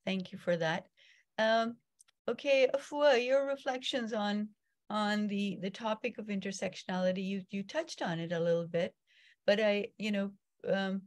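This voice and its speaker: A woman's voice: medium pitch, normal speed. A woman moderating a panel discussion, polite and hesitant, with fillers as she frames her questions.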